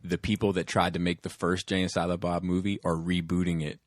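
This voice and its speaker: A low-voiced man chatting loosely as a podcast host. He rambles through stories with plenty of fillers. The sound is close and dry, with no room echo. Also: level tone, brisk. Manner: rambling, acts out movie scenes with laughter. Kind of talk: casual chat.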